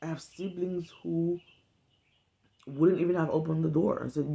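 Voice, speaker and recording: A woman's voice: sits low, fairly even intonation, a little slow, vocal fry, warm tone. A woman speaking to camera in a casual, earnest, heartfelt monologue. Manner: earnest, conversational, emphatic. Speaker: vlogger.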